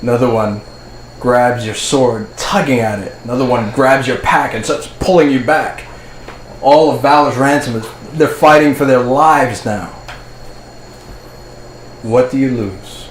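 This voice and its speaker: A man narrating a tabletop role-playing game as its game master, in a steady storytelling manner. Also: medium pitch, unhurried. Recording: echoey room, faint ambient noise.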